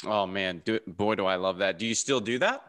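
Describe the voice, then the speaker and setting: A man's voice: on the low side, a little fast, a bit bright. A man hosting an interview, asking friendly questions with frequent ums and uhs. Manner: friendly, with many fillers. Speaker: interview host. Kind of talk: interview conversation.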